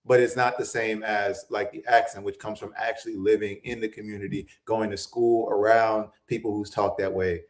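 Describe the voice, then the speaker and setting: A man's voice: on the low side, level tone, moderate pace, hardly any pauses. A man hosting a morning talk show, explaining his points thoughtfully in casual chat. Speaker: host. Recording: roomy echo.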